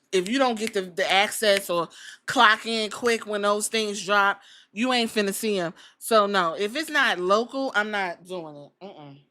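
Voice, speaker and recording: A woman's voice: mid-range voice, sharp tone. A woman hosting a casual podcast, talking bluntly with plenty of swearing and jokes. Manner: blunt, profane, joking. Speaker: podcast host. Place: Columbus.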